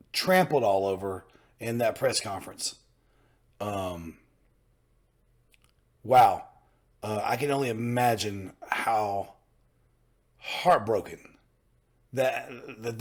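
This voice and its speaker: Earnest, fired-up male reaction host. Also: mid-range voice. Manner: earnest and fired up, repeats himself for emphasis. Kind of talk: casual reaction commentary.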